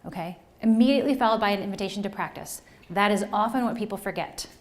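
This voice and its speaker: A woman from New Jersey giving a lively, conversational workshop presentation to educators, often checking in with the audience. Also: medium pitch, fast talker. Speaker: conference presenter. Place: presentation room.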